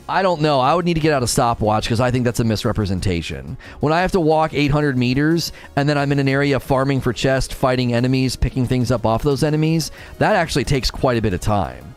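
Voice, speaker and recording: Male game streamer, chatty, lively expressive pitch, answers chat, faint music behind. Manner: chatty, reads viewer comments aloud and answers them; sometimes talks very fast. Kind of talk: casual live-stream chat while gaming.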